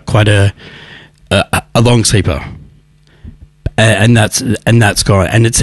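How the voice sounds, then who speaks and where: A man hosts a talk show, talking earnestly about recovery and tripping over his own sentences as he goes. His voice sits at an ordinary pitch for a man. The recording is dry, with no room sound around him. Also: no room sound. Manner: earnest, rambling with many restarts. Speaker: radio show host. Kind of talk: casual recovery advice talk.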